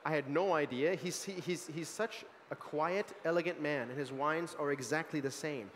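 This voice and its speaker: An American man, a young adult sommelier, giving an animated, chatty wine tasting talk full of asides and fillers at a food market event. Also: fairly high pitch, normal speed, big-room sound, slight background noise. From United States. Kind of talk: lively tasting presentation.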